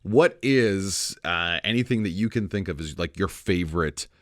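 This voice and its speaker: A man's voice: low voice, lively intonation, moderate pace, no echo, clean studio sound. A man hosting a podcast interview, encouraging his guest with frequent short affirmations. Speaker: podcast host. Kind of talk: casual interview chat.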